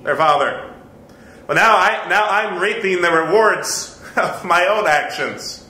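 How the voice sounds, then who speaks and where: A man's voice: high-pitched, takes it slowly, bright, forceful tone. A man in his thirties teaching an adult Sunday school class in a conversational, earnest way, repeating his points and chuckling at himself. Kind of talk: conversational Bible lesson. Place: church room. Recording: echoey church room.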